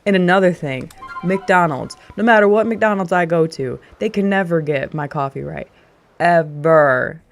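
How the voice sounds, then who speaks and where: Chatty, ranting woman with a lowish voice. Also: unhurried, a little hiss or hum. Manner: ranting storyteller, laughs often. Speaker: streamer. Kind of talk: casual chat to a live audience.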